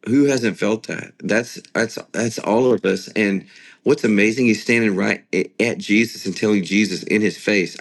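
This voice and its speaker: A man with a fairly low voice answers interview questions as a songwriter. He explains his intentions earnestly and slips into retelling a story with steady sincerity. His tone stays conversational throughout. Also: moderate pace. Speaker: guest songwriter.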